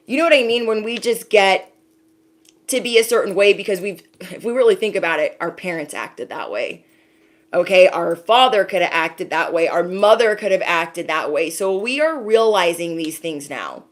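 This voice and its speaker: Woman, intuitive reader, casual spiritual reading, emphatic, repeats herself, swears casually, middle pitch. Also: expressive, moderate pace.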